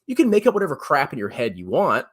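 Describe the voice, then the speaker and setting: A man in his thirties giving blunt, sarcastic personal finance commentary on his own channel, often jumping to a high mocking pitch. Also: huge pitch swings, fast, fairly bright tone, slightly rough. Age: 30s. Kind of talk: animated solo commentary.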